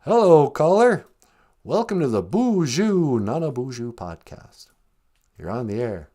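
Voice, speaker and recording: A man from Minnesota hosting a casual, jokey live-stream podcast, sounding out words slowly and carefully. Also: medium pitch, very animated, warm tone. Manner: playful, jokey, teaches words with slow careful pronunciation. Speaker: podcast host.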